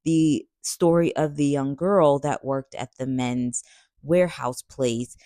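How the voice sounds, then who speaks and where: A woman's voice: extremely low pitch, fairly even intonation, slow, warm tone, dry recording, studio quality. A woman hosting a podcast, recapping a story and talking straight to her listeners in a chatty way. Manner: chatty, addresses listeners directly. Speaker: podcast host. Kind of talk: commentary recap.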